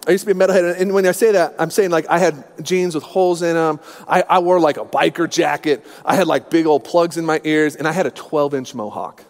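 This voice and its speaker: A man's voice: high-pitched, big-room sound. A man in his thirties preaching a sermon, telling personal stories with humor and self-deprecation. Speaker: pastor.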